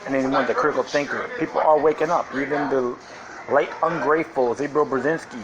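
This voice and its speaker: A man's voice: mid-range voice, fairly even intonation, quick pace, muffled recording, a crowd in the background. A man hosting a podcast, talking in a rambling, sarcastic casual monologue. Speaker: podcast host.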